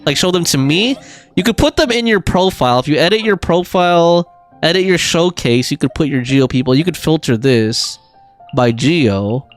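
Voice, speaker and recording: A man with a high, very lively voice chats casually through a gaming livestream, reading viewer messages aloud. He laughs often and scatters his talk with fillers. Faint game music plays behind him. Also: normal speed. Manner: animated, reads chat aloud, frequent laughs and fillers. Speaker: streamer.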